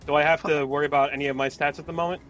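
A man playing a tabletop game, excitable and hamming up his risky moves. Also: fairly high pitch, rapid-fire, faint music behind. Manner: excitable and hammy, hypes his own moves. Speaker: player. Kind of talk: casual tabletop game chat.

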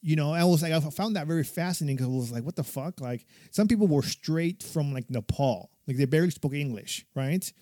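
A man's voice: fairly high pitch, animated, fairly quick, hardly any pauses, mellow, no room sound, clean studio sound. A military veteran talking casually, rambling and swearing a lot, laughing often as he tells stories. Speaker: podcast guest or co-host, military veteran. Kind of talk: casual conversation, personal stories.

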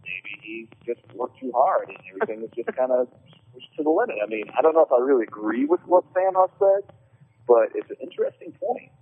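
A man's voice: mid-range voice, big pitch swings, a little fast, husky. A man hosting a casual sports talk show, rambling with hesitant ums. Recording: phone-like line.

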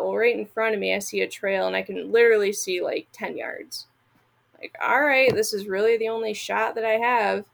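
A woman from Michigan tells a story as a podcast guest, casual and blunt, with frequent swearing. Her voice has a gravelly fry, and she acts out the lines people said. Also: medium pitch, a bit bright.

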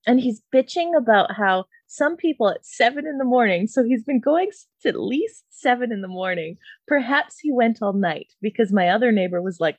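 A young woman from Canada spins a comedic story in a fairly high voice, animated and laughing often, with plenty of swearing. The sound is close and dry, with no room echo. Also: moderate pace, hardly any pauses.

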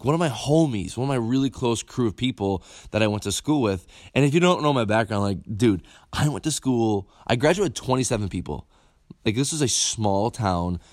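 A man, telling a personal story in a candid, animated way, cursing freely and stumbling over repeated words. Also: fairly low pitch, no echo, clean studio sound. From upstate New York. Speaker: motivational speaker.

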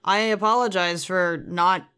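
A woman's voice: on the low side, steady tone, measured pace, bright, forceful tone, clear, resonant tone. A young woman from the United States co-hosting a podcast, chatty and prone to trailing off. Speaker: podcast co-host. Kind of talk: casual chat.

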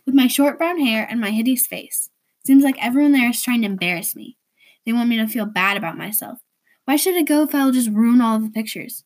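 A woman's voice: a little high, lively intonation, a little fast, darkish tone. A woman reading a first-person story aloud, with an inward, hesitant manner.

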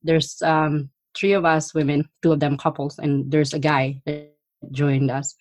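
A middle-aged woman with a low, deep-set voice tells stories from her past in a casual conversation. She is animated and laughs easily. The sound is dry and close. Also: measured pace, no room sound. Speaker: guest. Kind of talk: casual storytelling.

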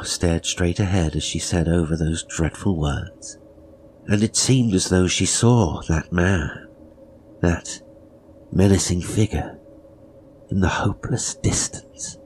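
A man narrating a horror story in a measured, grave way, sometimes dropping to a whisper. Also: sits low, slight background noise. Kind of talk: dramatic horror story reading.

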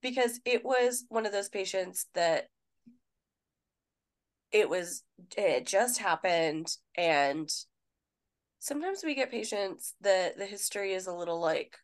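A woman's voice: mid-range voice, a little slow. A woman, a nurse co-hosting a podcast, telling stories in casual chat, quoting people and swearing freely. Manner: animated storyteller, quotes people, swears casually.

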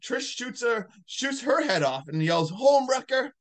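A man hosting a podcast, casually recapping a movie in a rambling, animated way full of "like". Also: high voice, a little slow. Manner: rambling, animated retelling with many likes. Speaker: podcast host.

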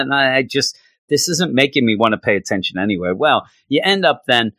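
Brisk, animated and forceful, the host's medium-pitched voice sounds bright on a dry recording. He recaps a comic on his podcast in a casual, sarcastic, exasperated manner, often stammering and restarting.

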